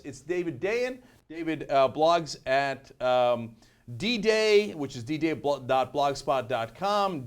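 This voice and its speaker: Male web talk show host, somewhat high voice, lively and chatty, lots of uh's. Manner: energetic, animated, many fillers.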